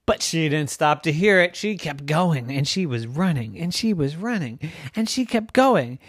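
A storyteller telling a children's bedtime story in a playful, sing-song, animated way. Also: mid-range voice, moderate pace, slightly rough, dry recording, clean studio sound.

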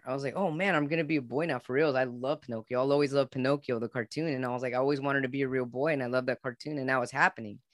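A man's voice: mid-range voice, a bit bright, no room sound, clean studio sound. A man as a podcast guest, telling his own life story in an earnest, openly emotional way. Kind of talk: heartfelt personal storytelling.

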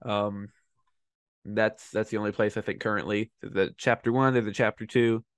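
A man's voice: fairly low pitch, fairly even intonation, normal speed, clean tone, no room sound. A man hosting a podcast, chatting in a friendly, enthusiastic way. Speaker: podcast host. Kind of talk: casual podcast chat.

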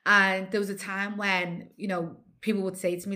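A woman in her forties with a Scouse accent tells stories with lively energy. Her voice is bright and forward. She talks like a presenter in relaxed conversation. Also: medium pitch, normal speed. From Liverpool, England. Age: 40s. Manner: animated storyteller, laughs often. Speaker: TV presenter and guest. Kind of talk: casual interview chat.

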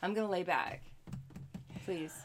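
A woman's voice: on the low side, unhurried, crowd noise. A woman co-hosting a live podcast, chatting in a dramatic, joking way. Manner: expressive, jokey, dramatic. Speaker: podcast co-host.

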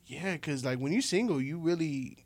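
A man's voice: fairly high pitch, animated, moderate pace, a little mellow, dry recording. A man co-hosting a podcast, chatting casually in slang and joking often. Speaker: podcast co-host.

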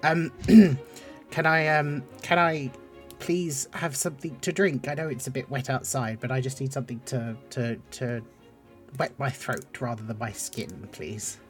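A man's voice: mid-range voice, fairly even intonation, unhurried, faint music behind, lightly acted. A man voicing a tiny, damp, frog-like male creature who is timid and polite and stammers a lot. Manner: hesitant, stammering.

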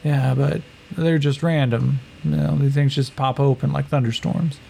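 A man's voice: medium pitch, little pitch movement, normal speed, creaky, darkish tone, a little hiss or hum, low-quality recording. A man voicing a blunt, crude young human man from Kansas who talks hesitantly and curses. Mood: dismissive.

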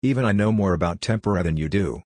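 A man's voice: low-pitched, lively intonation, fast talker, darkish tone, no room sound. A man voicing a sardonic, teasing talking rice cooker in a storybook reading. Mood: chiding. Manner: dry, teasing, chiding.

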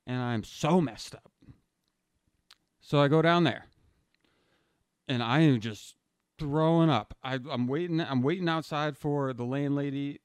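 A man's voice: mid-range voice, smooth, dry recording. A young man telling a personal story casually, rambling and slangy, saying "dude" often and restarting his sentences.

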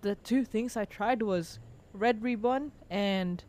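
A young woman with Filipino English that shifts between American and Australian sounds, co-hosting a podcast and telling stories excitedly with playful teasing. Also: medium pitch, slow pace. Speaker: podcast co-host. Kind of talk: casual chat.

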